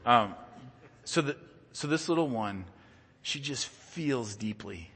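A man's voice: mid-range voice, fairly bright tone. A man preaching a sermon as a pastor in a church, earnest and conversational, often repeating words as he goes. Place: church sanctuary. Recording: long church reverb.

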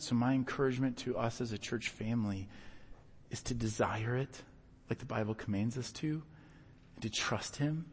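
A man preaching a sermon as pastor, telling personal stories in an earnest, animated way with bursts of loud emphasis. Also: mid-range voice, slightly rough. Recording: long hall reverb.

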